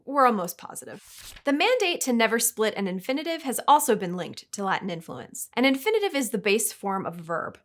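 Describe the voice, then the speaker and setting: A woman hosting a scripted explainer, delivering facts in a lively, playful, wry way. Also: fairly high pitch. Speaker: host.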